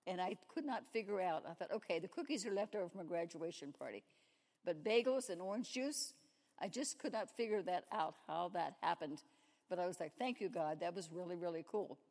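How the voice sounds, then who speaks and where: A woman with a fairly low, somewhat mellow voice gives a testimony resembling a sermon at a church service, voicing the dialogue in her stories. As a lay speaker in the sanctuary, her words ring with the hall's long reverb.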